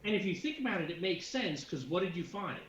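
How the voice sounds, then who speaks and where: A man with a slightly high voice runs a tabletop game, rambling through his narration with plenty of fillers and restarts. He sounds like he is in an echoey room on a dull, lo-fi recording. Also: big pitch swings, quick pace, fairly bright tone, a little hiss or hum. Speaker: game master.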